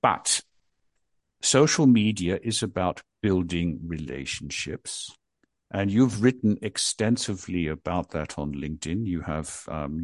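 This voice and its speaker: A man's voice: deep voice, dry recording. An older man hosting a casual podcast, rambling and poking fun at himself. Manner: self-mocking, jokey, rambling. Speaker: podcast host.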